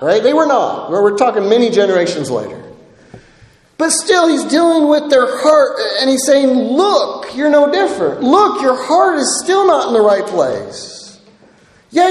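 A man preaching a sermon, reading scripture aloud and pressing his listeners with rhetorical questions, often adding "right?". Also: extremely high pitch. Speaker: pastor. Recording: echoey hall with long reverb.

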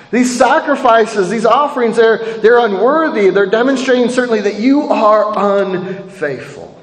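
A man's voice: very high-pitched, moderate pace, few pauses. A man preaching a sermon in a conversational way, often checking in with "right?" and acting out voices from the text. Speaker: pastor. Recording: echoey hall with long reverb.

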